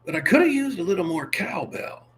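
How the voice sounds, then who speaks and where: A man doing an impression of a famous actor with halting, oddly stressed delivery. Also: high-pitched, very animated, a bit bright, pitched above the performer's own voice. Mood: wry. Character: quirky man with halting, odd emphasis.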